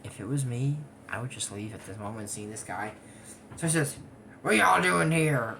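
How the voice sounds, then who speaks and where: The speaker, an anime episode reviewer in their twenties, talks a little fast at a medium pitch, with a little hiss or hum on the recording. It's a loose, rambling recap of a cartoon episode full of side comments.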